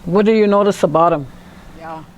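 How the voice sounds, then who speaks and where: A woman teaching a language class, telling funny stories with frequent laughter and sounding out syllables slowly. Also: on the low side.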